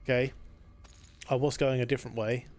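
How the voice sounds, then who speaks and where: A man's voice: medium pitch, flat delivery, a little fast, a little mellow, faint music behind. A man streaming a shooter game live, rambling and joking, talking to the enemies on screen. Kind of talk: live gameplay commentary.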